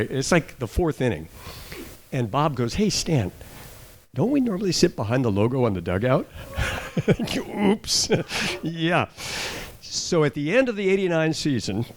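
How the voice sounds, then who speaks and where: A man in his sixties, a retired radio news anchor, telling humorous stories with asides and self-corrections into a handheld microphone at an indoor party. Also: medium pitch. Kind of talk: casual anecdotal speech at a party.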